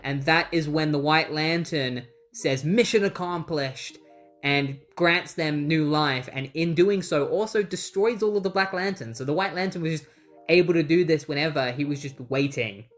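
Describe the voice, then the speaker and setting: A man's voice: on the high side, normal speed, fairly bright tone, faint music behind. A man casually recapping a comic book story in a chatty, sarcastic way and acting out the characters.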